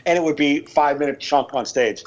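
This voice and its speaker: A man's voice: fairly high pitch, highs cut off. A man co-hosting a comedy podcast, telling loose stories in casual chat and laughing often.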